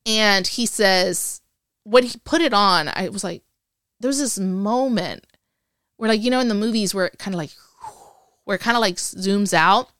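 A woman in her forties, an interview guest, telling a story from her past in an animated, chatty way. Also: medium pitch, normal speed, clean tone, no echo, studio quality. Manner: animated storyteller who acts out remembered dialogue. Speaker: interview guest, Air Force veteran.

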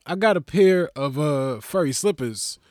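A man doing a casual comedic monologue as a podcast host, rambling and profane, slipping into loud voiced asides. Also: fairly high pitch, expressive, a little slow, dry recording, studio quality.

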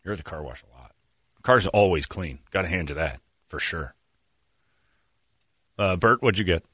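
Bright-voiced teasing man, laughing. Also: deep voice, lively intonation, moderate pace, breathy edge, no room sound, clean studio sound. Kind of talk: casual banter.

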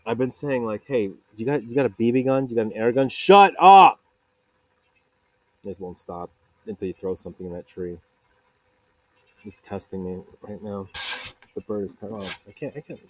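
A mellow, fairly low male voice talks a little quickly in a steady tone, recorded without echo in a makeshift home vocal booth. He hosts a solo podcast, rambling casually and joking at his own expense. He wanders off on tangents and imitates people in put-on voices when quoting them.

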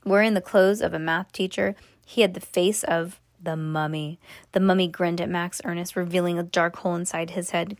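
A woman reading a bedtime chapter aloud to her children, unhurried and expressive, with small slips. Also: lowish voice, no echo, clean studio sound. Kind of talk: bedtime story read aloud. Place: home at bedtime.

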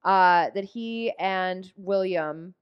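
A woman's voice: lowish voice, very slow, smooth, lo-fi sound. A woman co-hosting a casual, joking film recap, swearing freely and acting out characters' lines. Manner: joking, profane, laughs often, acts out quotes. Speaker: podcast co-host.

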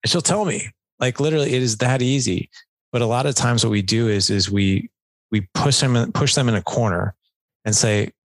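A man talking casually as a podcast guest, a coach who explains things in a relaxed conversational way and acts out little bits of dialogue. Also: medium pitch, normal speed, dry recording. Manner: conversational, filler-heavy, acts out quoted dialogue.

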